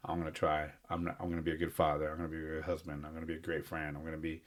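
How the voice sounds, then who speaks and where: Deep-voiced man in heartfelt chat. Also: monotone, rapid-fire. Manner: earnest, heartfelt, rambling with fillers. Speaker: podcast co-host. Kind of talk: casual chat.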